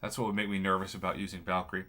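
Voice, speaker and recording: A man's voice: low voice, little pitch movement, rapid-fire, bright, forceful tone. A man giving casual commentary over game footage as a video host, groggy after a bad night's sleep, explaining plays in an analytical, upbeat way.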